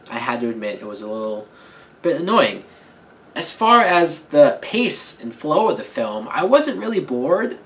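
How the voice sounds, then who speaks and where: Male vlogger reviewing a film off the cuff, rambling, blunt, swears now and then, mid-pitched. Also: fairly bright tone, slight background noise, rough recording. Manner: candid, rambling, with casual swearing. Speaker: movie reviewer. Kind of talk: casual spoken film review.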